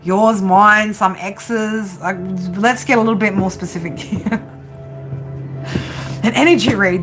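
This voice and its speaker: A woman's voice: mid-range voice, lively intonation, takes it slowly, music in the background. Giggly woman chatting through a tarot stream. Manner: giggly, chatty, tags lines with "right?". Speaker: tarot reader hosting a live stream. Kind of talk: casual live-stream tarot reading.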